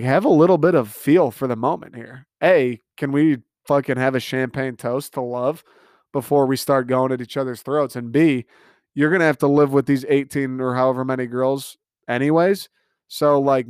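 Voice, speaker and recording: A man's voice: medium pitch, darkish tone, smooth, no echo, clean studio sound. A man hosting a podcast, ranting in a casual, exasperated, profane way. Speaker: podcast host. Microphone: podcast microphone.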